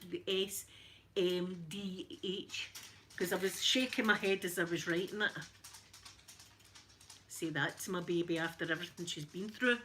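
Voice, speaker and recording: Chatty Scottish woman, bright voice. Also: medium pitch. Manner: chatty, greets viewers by name, laughs often. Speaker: vlogger. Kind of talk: casual live-stream chat.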